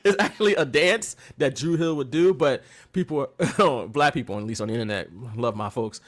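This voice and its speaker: A man co-hosting a podcast, recapping in casual chat with animated storytelling and mocking quotes. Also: medium pitch, moderate pace. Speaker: podcast co-host.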